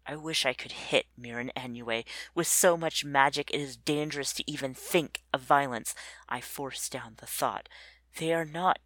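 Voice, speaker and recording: A narrator reading a first-person story in an introspective, measured way. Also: mid-range voice, fairly even intonation, a bit bright, no echo.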